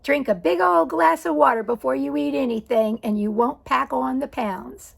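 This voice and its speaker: A woman voicing a sweet, reassuring female nurse, speaking slowly and soothingly in a motherly way. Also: high voice, gravelly, full character voice.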